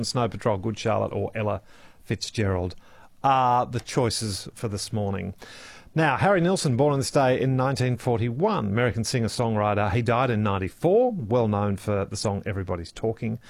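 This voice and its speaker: An Australian man hosting a morning radio show, reading out listener messages in a chatty, relaxed way. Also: lowish voice, creaky, dry recording. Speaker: radio host. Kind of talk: casual radio chat. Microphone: studio microphone.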